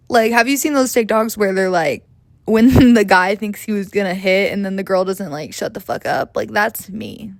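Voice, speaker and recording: Speaking at a moderate pace in a mid-range voice, this podcast host is a young woman in her twenties. Her comedic casual monologue rambles chattily, with profanity and self-mockery, and the recording has no room sound.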